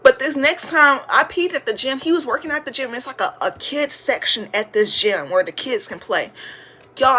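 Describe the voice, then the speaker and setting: A woman in her twenties from Louisiana hosting a podcast, telling childhood stories in an animated, slangy, profane way and addressing listeners as y'all. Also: medium pitch, slight background noise. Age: 20s. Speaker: podcast host. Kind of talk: casual storytelling.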